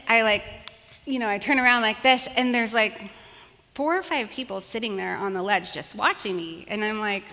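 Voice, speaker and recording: A woman, a pastor's wife, telling a funny story to a church audience in an animated, chatty way, full of "like" and "you guys.". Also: fairly high pitch. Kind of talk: humorous storytelling talk to an audience. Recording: long hall reverb.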